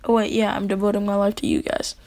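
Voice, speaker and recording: A woman's voice: mid-range voice, level tone, fast talker, darkish tone, poor audio. A young woman casually narrating a fan story as channel host, giggly and rambling.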